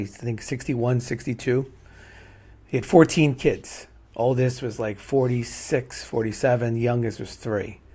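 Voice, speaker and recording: A middle-aged man hosts a heartfelt podcast chat. He rambles through long stories and tags nearly every thought with "right?". His voice sits at an ordinary pitch. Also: darkish tone. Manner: rambling, repeats "right?" often. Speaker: podcast host. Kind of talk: casual heartfelt conversation.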